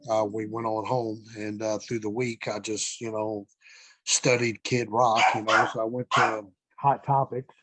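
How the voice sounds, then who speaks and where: A man's voice: fairly low pitch, flat delivery, a little slow, fairly bright tone, no echo. A middle-aged man, a former wrestler, telling rambling stories as a podcast guest, with frequent fillers and some cursing. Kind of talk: casual storytelling interview.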